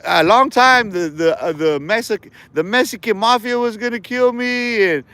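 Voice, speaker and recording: A man's voice: high voice, normal speed, pushed and bright, no echo. A man livestreaming a confrontational, aggressive and profane rant from outdoors by a street on a handheld phone. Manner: aggressive, profane trash talk.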